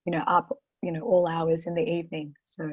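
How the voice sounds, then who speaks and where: Croaky Australian woman, low voice. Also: a little fast. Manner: steady, heavy with "you know" and "um" fillers. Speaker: portfolio manager guest. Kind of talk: webinar interview answers.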